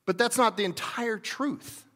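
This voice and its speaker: A man's voice: high voice, unhurried, pushed and bright, long reverb tail. A man preaching a sermon as a pastor, talking in a conversational way with restarts and bits of acted speech.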